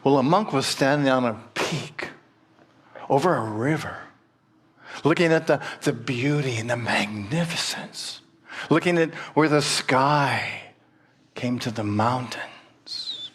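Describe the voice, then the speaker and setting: A man telling a story in a sermon, slow and pausing, voicing the characters as he goes. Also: medium pitch, slightly rough. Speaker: minister.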